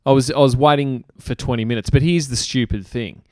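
A man's voice: medium pitch, fairly even intonation, brisk, dark tone, no echo, clean studio sound. A man in casual chat, blunt and indignant with frequent swearing.

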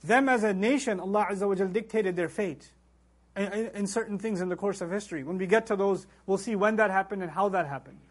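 A man with a high-sitting voice speaks fast while teaching a Quran lecture, explaining in English and reciting Arabic verses in between. His religious talk is emphatic, and he acts out the voices he quotes.

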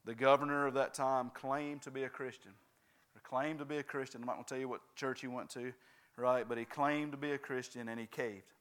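A male preacher gives a sermon, working the congregation with steady calls of "right?" and "amen?". His smooth, resonant voice sits at an ordinary middle pitch for a man, and he speaks fairly quickly.

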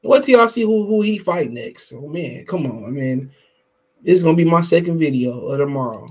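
High-voiced man ranting about boxing. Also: lively intonation, brisk, slightly rough. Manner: profane, heated, emphatic and repetitive. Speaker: boxing podcast host. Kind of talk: casual commentary with live chat.

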